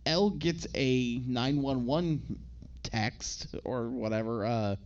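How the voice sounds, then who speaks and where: A man co-hosting a casual chat, recapping a film in a rambling, halting way with lots of fillers and restarts. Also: mid-range voice, a little mellow. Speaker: podcast co-host recapping a film. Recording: dull lo-fi audio.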